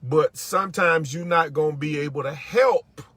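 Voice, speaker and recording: A man with a husky, rough-edged voice set a little high for a man. He talks in a relaxed, conversational way, agreeing and building on what the pastor says. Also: no echo. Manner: affirming, conversational, drawn-out.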